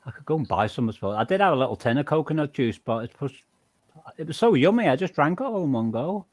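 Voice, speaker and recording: A man's voice: fairly high pitch, animated, fast, no room sound. Laughing, rambling man in chat. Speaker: live chat panelist. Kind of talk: casual group chat.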